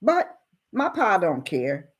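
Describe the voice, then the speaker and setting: A woman's voice: fairly low pitch, wildly swooping pitch, slow, full character voice. A woman voicing a trusting young boy who chats innocently in a retold story. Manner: innocent, chatty.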